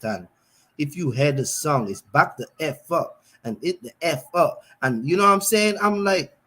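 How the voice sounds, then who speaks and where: A man's voice: mid-range voice, a bit bright, husky. Co-host, male, mid voice, loose rambling talker. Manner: rambling, full of "you know what I'm saying". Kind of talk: casual live stream chat.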